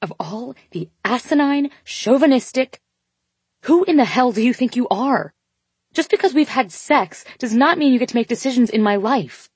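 A woman voicing a furious young woman in an audiobook, yelling and growling through clenched teeth. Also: fairly high pitch, very animated, fairly quick, husky, no room sound, voice pushed up. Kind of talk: audiobook dialogue.

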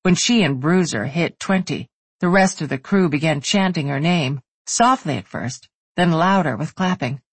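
A woman reading a romance novel aloud as the narrator, in an even, steady way. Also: low-pitched, moderate pace, slightly rough, no echo. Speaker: audiobook narrator. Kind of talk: scripted narration.

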